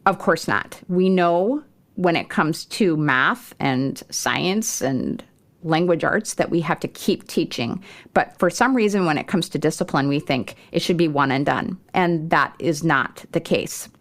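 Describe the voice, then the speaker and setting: Low-voiced woman giving parenting advice. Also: measured pace. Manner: warm, conversational, with occasional laughs and fillers. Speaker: podcast host. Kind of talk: homeschool parenting advice podcast.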